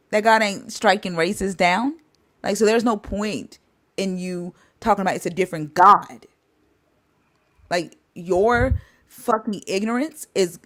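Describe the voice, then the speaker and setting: A woman with a notably low voice hosting a casual live stream. She talks bluntly and emphatically, swearing freely as she makes her point. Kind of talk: casual chat.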